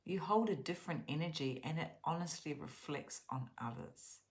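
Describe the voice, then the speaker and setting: A woman with a notably low voice hosts a guided journaling session. She talks casually and earnestly about gratitude, rambling and restarting her sentences often. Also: normal speed. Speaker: journaling channel host.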